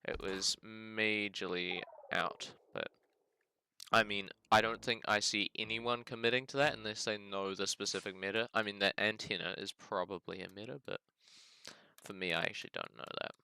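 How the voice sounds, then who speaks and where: Brief: New Zealand man, gaming host, low-set voice with a crisp, smooth tone, thinks out loud as he plays. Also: steady tone, moderate pace. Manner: thinks aloud, hedging and musing, says "bloody" often. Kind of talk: casual game commentary.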